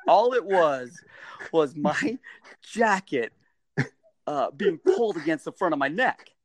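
Animated middle-aged man telling a story. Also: slow, no echo. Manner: animated, acts out quotes with sudden high-pitched bursts. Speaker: guest, stadium mascot performer. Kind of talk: casual storytelling.

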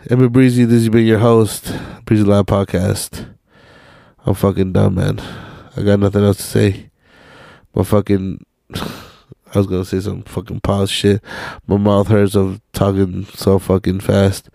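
A man's voice: on the low side, little pitch movement, a little slow, creaky, long pauses, mellow, no room sound, clean studio sound. A young man hosting his own podcast alone, rambling in a casual, slangy, heavily profane way. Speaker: podcast host. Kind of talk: casual solo podcast rant.

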